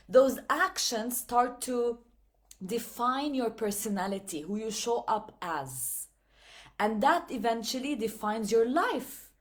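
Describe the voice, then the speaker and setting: A woman hosting a self-help talk, speaking earnestly to her viewers, repeating phrases for emphasis and acting out inner voices. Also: fairly high pitch. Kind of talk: motivational talk to camera.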